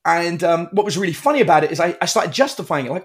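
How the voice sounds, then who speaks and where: A man's voice: on the high side, quick pace, few pauses. A middle-aged man, a guest entrepreneur, telling stories in a casual interview and acting out the people he quotes. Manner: animated storyteller, acts out quotes.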